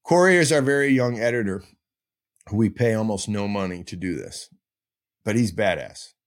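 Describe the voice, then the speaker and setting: A man's voice: fairly low pitch, animated, normal speed. A man hosting a podcast, teaching in a casual, digressive and self-mocking way, breaking into goofy sound effects. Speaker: podcast host.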